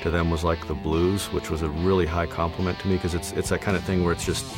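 A man gives a documentary interview in a relaxed, halting way. His voice is very low, with guitar music playing under it. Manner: relaxed, halting, restarting sentences. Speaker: cartoon creator interviewee. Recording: interview over music bed.

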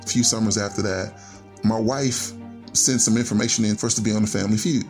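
As a storyteller guest on a radio show, a man earnestly and heartfeltly tells a personal family story, stringing his clauses together with "and so." His lowish voice is steady, fast and a little mellow, over soft background music.

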